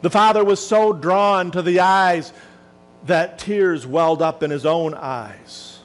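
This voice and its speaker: High-voiced male minister telling a story. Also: soft background music, rough recording. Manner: dramatic, slowing and softening for emphasis. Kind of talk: sermon storytelling.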